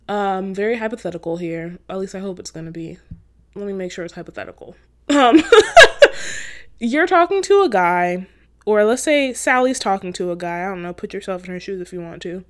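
A young woman talks through a faith-based podcast episode in a casual, chatty way. She is earnest and encouraging, slipping into a gently preachy tone, and her speech is full of "like" fillers. Her voice sits at an ordinary middle pitch. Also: lively intonation, fairly quick. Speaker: podcast host.

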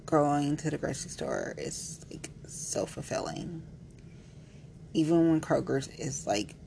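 Low, gravelly woman chatting playfully. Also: a little mellow, a little hiss or hum, poor audio. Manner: rambling, playful and frank, heavy use of "like". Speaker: vlogger. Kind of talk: candid casual chat to camera.

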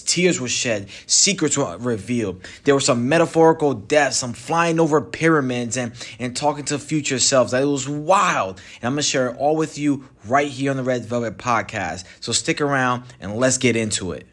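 A man's voice: mid-range voice, fairly bright tone. A man hosting his own podcast, talking casually and directly to listeners in a chatty, conversational way with restarts. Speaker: podcast host. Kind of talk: casual solo podcast talk. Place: Mexico.

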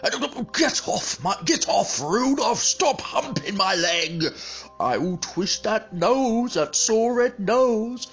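A man's voice: animated, fairly bright tone, muffled recording, soft background music, exaggerated voice. A man doing a rowdy, crude Father Christmas. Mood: jolly. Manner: booming ho-ho laughter, drawn-out theatrical delivery.

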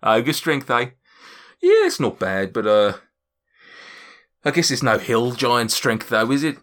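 A man's voice: medium pitch, big pitch swings, measured pace, fairly bright tone. A man voicing a scheming little male gnome who sells potions, in a wheedling sales patter, in a tabletop game. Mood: sly.

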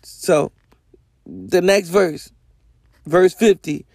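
A man's voice: sits high, big pitch swings, extremely slow, a little mellow, dry recording, clean studio sound. A man hosting a podcast, teaching the Bible in a casual, rambling way with lots of slang and self-corrections. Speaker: podcast host.

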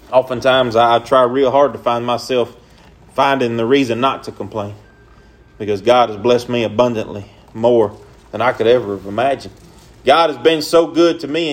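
A young man preaching a sermon in an earnest, repetitive way, with folksy, casual grammar. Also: mid-range voice.

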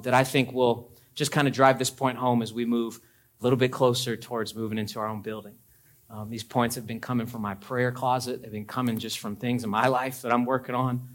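With a fairly high-pitched voice, a young adult pastor delivers his sermon in a conversational tone that rises into emphatic, climbing peaks.

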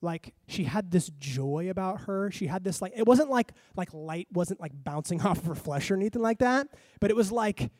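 A man pastor preaching a sermon, telling a story with lively asides and acting out his own reactions. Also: sits high, normal speed, few pauses, no echo. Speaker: lead pastor.

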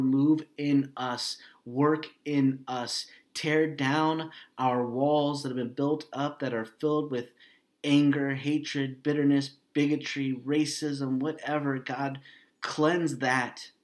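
A man preaching as a pastor, earnest and emotional, pausing often and dropping his voice soft and low. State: grieving, voice heavy with hurt. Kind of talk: sermon and prayer.

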